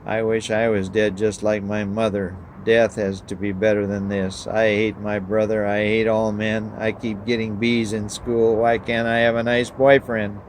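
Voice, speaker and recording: A man reading the lines of a miserable teenage girl, pleading and despairing in a low voice. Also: flat delivery, normal speed, hardly any pauses, a little hiss or hum, natural voice.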